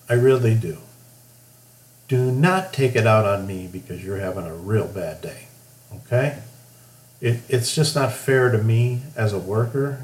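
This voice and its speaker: A man's voice: on the low side, a little mellow. A middle-aged man hosting a podcast monologue, talking bluntly and plainly about working in medicine. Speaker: podcast host, former medical worker. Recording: echoey room, faint hum.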